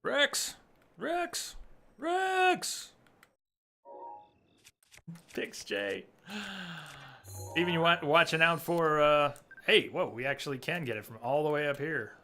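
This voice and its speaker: A man's voice: a little high, steady tone, fairly quick, few pauses, pushed and bright, slight background noise. A man giving chatty live commentary while streaming a game, talking to his viewers and coaxing his in-game horse. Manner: chatty, talks to chat and coaxes his horse.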